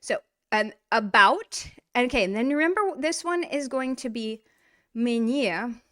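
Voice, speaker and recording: A woman teaching a casual language lesson, animated and playful, speaking straight to the learner. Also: a little high, a little slow. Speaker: Russian teacher.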